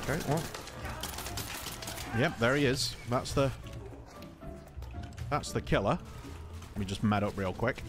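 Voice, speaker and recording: Lively English man calmly commentating gameplay. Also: mid-range voice, measured pace, long pauses, over music. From England. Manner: calm, conversational, polite even when insulted. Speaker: gaming video host.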